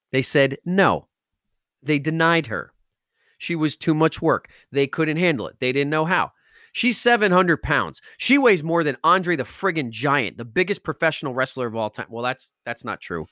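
A man's voice: medium pitch, sharp tone, no echo. Podcast host guy, middle-aged, gets emotional and emphatic telling a story, dry close sound. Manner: intense, emphatic, rising to outbursts.

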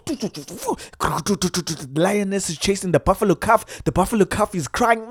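A man with a South African accent telling a comic story in an animated way, dropping in Xhosa exclamations. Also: high-pitched, a little slow, hardly any pauses, breathy edge, no room sound, clean studio sound.

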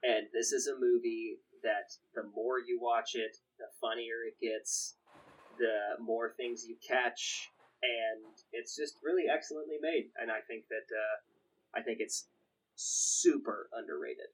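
Husky young man rambling about a film. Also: mid-range voice, unhurried, poor audio. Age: young adult. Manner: rambling with many restarts and quoted asides. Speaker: podcast co-host. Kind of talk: casual film chat.

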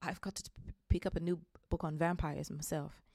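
A woman's voice: sits low, steady tone, moderate pace, vocal fry, mellow, no echo, studio quality. A pale, jittery young man who trips over his consonants in a nervous stammer, voiced by a woman reading aloud. His delivery is hesitant and shaky throughout.

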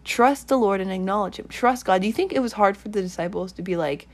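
A woman preaching to her online listeners in a casual, earnest way, circling back over the same points and leading them in prayer. Her voice sits at an ordinary middle pitch. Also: fast, few pauses. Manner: earnest, repetitive, rambling exhortation.

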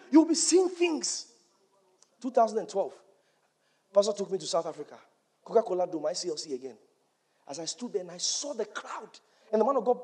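A man preaching a church sermon, emphatic and rising to shouts on key points, quoting scripture in old-fashioned wording. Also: high voice, breathy edge.

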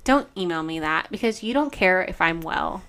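A woman hosting a podcast in a casual chat, animated and quick to laugh. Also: lowish voice. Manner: giggly, animated. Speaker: podcast host.

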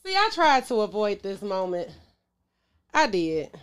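A woman's voice: mid-range voice, big pitch swings, a little slow, clean tone. Emotional woman in casual sports talk. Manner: emotional, exclaims and sighs, talks to viewers as "y'all". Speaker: sports show host. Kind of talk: casual sports commentary to camera.

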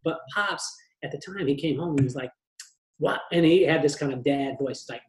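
Animated man telling stories, higher voice. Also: normal speed, reverberant, low-quality recording. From California. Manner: animated, joking, acts out family members' voices. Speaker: guest hairdresser. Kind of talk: storytelling in a podcast interview.

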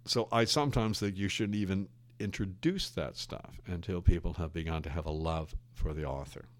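A man's voice: deep voice, moderate pace. An older man, a former English teacher, talking in a thoughtful, wry and digressive way. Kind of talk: reflective conversation.

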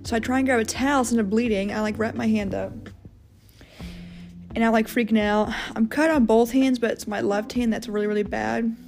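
A woman's voice: a little high, steady tone, fairly quick, gravelly, a little mellow, soft background music. A young woman hosting her own show, telling a personal story in a rambling, casual way, full of fillers and swearing. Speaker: podcast host.

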